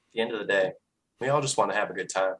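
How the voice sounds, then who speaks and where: A man chatting casually as podcast co-host, with a relaxed, easygoing manner. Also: on the low side, racing, poor audio.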